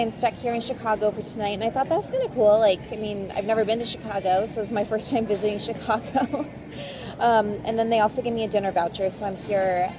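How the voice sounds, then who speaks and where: Woman vlogger, casual chatty talk, mid-pitched voice, noisy background ambience. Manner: chatty, filler-heavy with frequent "like" and "um". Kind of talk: casual travel vlog.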